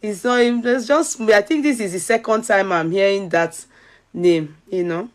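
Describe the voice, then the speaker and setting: A woman's voice: medium pitch, measured pace. A Nigerian woman with a Yoruba accent in casual chat, mixing English with Yoruba and asking questions. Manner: mixes English with Yoruba, questioning, laughs often. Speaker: commentator.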